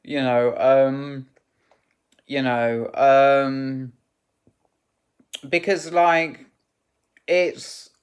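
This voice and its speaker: Man vlogging a personal story, slow and rambling, halting with many restarts, candid and emotional. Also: medium pitch, fairly even intonation, clear, resonant tone. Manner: rambling and halting, full of "you know" and restarts.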